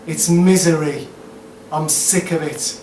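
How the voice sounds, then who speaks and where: Guy doing slow sardonic poetry live, slightly high voice, echoey room, far mic, faint room noise. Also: warm tone. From Birmingham, England. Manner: slow, deliberate, sardonic delivery with hesitant asides between poems. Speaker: performance poet. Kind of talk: spoken word poetry performance. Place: live performance venue, indoors.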